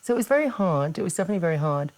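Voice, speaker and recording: A woman's voice: fairly low pitch, lively intonation, very fast, darkish tone. A woman with an English accent in her thirties, hosting a casual chat, blunt and laid-back, swearing freely. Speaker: podcast host and wrestler.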